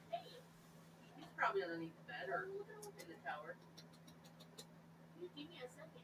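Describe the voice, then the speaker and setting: A woman's voice: high voice, wildly swooping pitch, normal speed, pauses often. A woman speaking in a sing-song baby voice to her pets, heard off-mic in the room. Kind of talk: casual talk in the background. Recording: distant and echoey, with noise.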